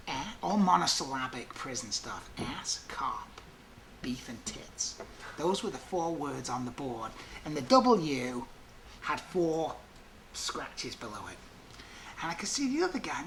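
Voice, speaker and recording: A middle-aged man, a prison guard, telling stories in a documentary interview, animated and full of fillers. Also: fairly high pitch, a little hiss or hum. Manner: animated storyteller, fillers like 'like'.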